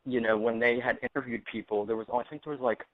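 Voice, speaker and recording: A man calling in to an internet radio show, talking in a halting way with many restarts and his pitch jumping when he gets flustered. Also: fairly even intonation, no echo. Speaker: call-in guest. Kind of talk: casual chat over a phone line. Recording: tinny phone line, dry.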